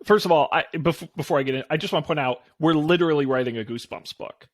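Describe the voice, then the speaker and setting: A man co-hosting a podcast, narrating an improvised story in an animated, jokey way. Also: fairly high pitch, quick pace, dry recording. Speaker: podcast co-host.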